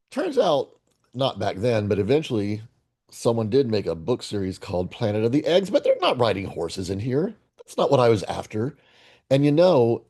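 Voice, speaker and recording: A man's voice: on the low side, darkish tone. A man in his sixties hosting his own video while playing a daily guessing game, chatting playfully and rambling to himself. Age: 60s. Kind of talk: casual solo commentary.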